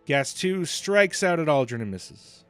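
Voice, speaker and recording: A man serving as game master, narrating turns in a brisk, matter-of-fact way. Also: a little high, big pitch swings, a bit bright, no room sound. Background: faint music.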